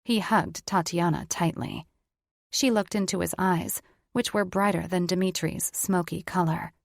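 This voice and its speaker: A woman reads fantasy fiction aloud in a measured, even way. Her voice is on the low side. The sound is dry and close. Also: vocal fry, dry recording. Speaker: audiobook narrator. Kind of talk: scripted fiction narration.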